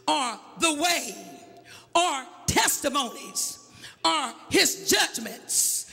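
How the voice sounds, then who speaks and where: A man preaching a sermon, calling for a witness, shouting and half-singing his lines in an echoey church. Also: very high voice, gravelly.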